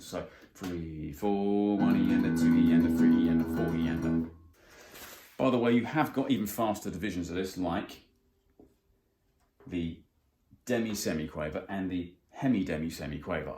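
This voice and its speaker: Low-voiced man teaching rhythm. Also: mellow. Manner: explains plainly, counts beats aloud. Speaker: guitar teacher. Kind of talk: music theory lesson. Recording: roomy sound with faint guitar.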